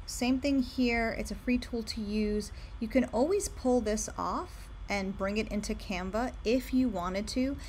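The voice belongs to a young woman with a candle brand, giving a screen-share tutorial as she clicks through design tools, chatty, upbeat and eager to recommend. Her pitch is a little high and her tone darkish, and she talks unhurriedly with few pauses. The audio carries a slight hiss or hum.

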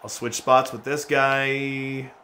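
A man giving lively, excitable gameplay commentary as a gaming channel host, trash-talking players and laughing often. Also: medium pitch, slow, slight background noise. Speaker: gaming YouTuber.

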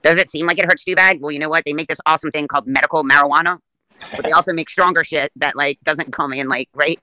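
Rapid-fire chatty man, dry sound. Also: on the high side, steady tone, bright, forceful tone, no room sound, poor audio. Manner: rambling, chatty storyteller. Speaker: livestream guest. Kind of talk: casual livestream chat.

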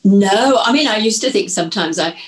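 A woman's voice: mid-range voice, expressive, brisk. An older woman with an English accent, chatting on a podcast as co-host, telling stories in a chatty, giggly way. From England. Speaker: co-host, host's mother. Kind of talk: casual podcast chat.

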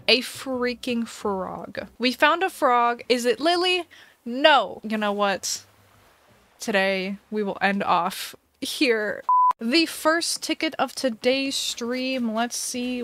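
A young woman streamer giving chatty, excitable commentary while playing a game, swinging between dramatic despair and delight. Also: on the high side.

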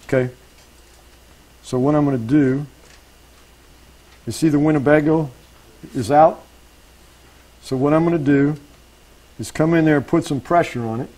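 Here the man sounds a little high and fairly even in intonation, speaking unhurriedly with many pauses and a dark tone over poor audio. While doing a live woodworking demo for an audience, he narrates his work, self-corrects by restarting phrases, and asks the room for checks, with faint noise in the background.

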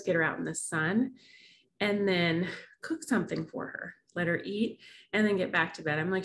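A woman's voice: lowish voice, gravelly, a little hiss or hum. A woman hosting a wellness vlog, telling a personal story in a rambling, emotional way with frequent laughs and restarts. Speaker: wellness challenge host.

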